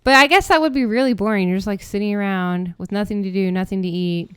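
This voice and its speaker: A woman's voice: mid-range voice, fast, clear, resonant tone, no room sound, studio quality. A woman co-hosting a podcast in casual chat, agreeable and thoughtful, with some stammered starts. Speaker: podcast co-host.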